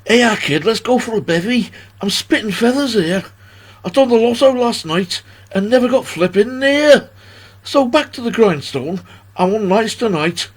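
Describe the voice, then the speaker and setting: A man's voice: high-pitched, expressive, moderate pace, slightly rough, voice pushed up. A man in his sixties voicing a brash young male Liverpool lad in an exaggerated put-on Scouse accent, with cheeky banter. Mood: boisterous. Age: 60s. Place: at home.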